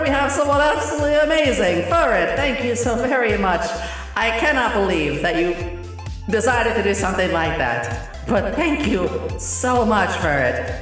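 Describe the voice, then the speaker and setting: Young woman streamer, casual and giggly, very lively pitch, faint music underneath. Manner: excitable, giggly, swinging between squeals and low mutters. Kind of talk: casual live-stream chat.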